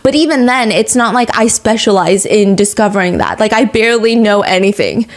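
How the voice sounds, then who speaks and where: Brisk woman hosting a true-crime chat. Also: on the high side, very animated. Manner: brisk and earnest, full of questions. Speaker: podcast host. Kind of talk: casual true-crime storytelling.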